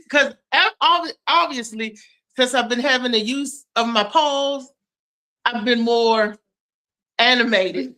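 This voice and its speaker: A woman hosts a casual live-stream chat from home, talking in an animated way and breaking into loud exclamations. Her voice is bright and a little high, and she talks with a lot of energy. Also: slow. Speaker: host.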